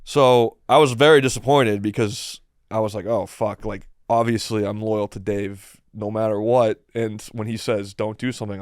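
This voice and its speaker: A man's voice: mid-range voice, dry recording, studio quality. A young man telling a long story as a podcast guest in a rambling, self-deprecating way, laughing often. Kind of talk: casual storytelling.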